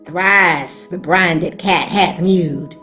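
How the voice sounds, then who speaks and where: A woman's voice: pushed and bright, soft background music, heavily acted. A woman with a Southern US accent playing a cackling old witch, chanting spells in an amateur stage-play reading. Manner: slow, measured chanting with shrill cackles.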